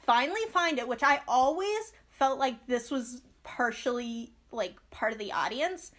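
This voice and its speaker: A young woman co-hosting a podcast, chatting casually and ranting in animated bursts with quick asides. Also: a little high. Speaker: podcast co-host. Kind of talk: casual chat.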